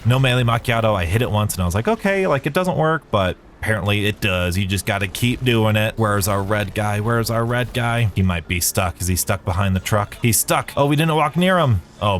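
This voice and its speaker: A man giving chatty, excitable commentary while playing through a game quest, explaining each step as he goes. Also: on the low side, a little hiss or hum. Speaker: gaming video creator. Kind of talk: live gameplay commentary.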